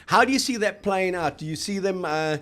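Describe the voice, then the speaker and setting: A man's voice: high voice, lively intonation, brisk, fairly bright tone. A South African man co-hosting a casual rugby chat, telling rambling stories with fillers. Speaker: co-host.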